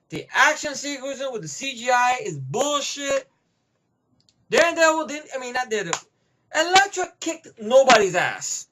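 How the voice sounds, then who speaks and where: A man's voice: very high-pitched, fairly bright tone. A man giving a rambling, profane movie review rant, heavy on emphatic opinions.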